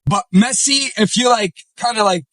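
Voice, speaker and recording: A man's voice: high-pitched, moderate pace, sharp tone, no echo. A man football fan in a joking, sarcastic rant, repeating himself as he goes.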